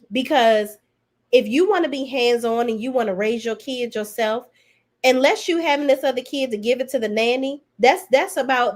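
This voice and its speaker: A woman hosting a podcast, giving a casual, blunt and sassy recap of a reality show in slangy talk. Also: on the high side. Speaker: podcast host reviewing reality TV. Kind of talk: casual opinionated recap commentary.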